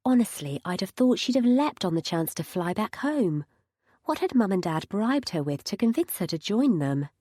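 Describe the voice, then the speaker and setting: A woman's voice: mid-range voice, sing-song, moderate pace, dark tone, no echo. A woman narrating a first-person audiobook with wry, dry humour.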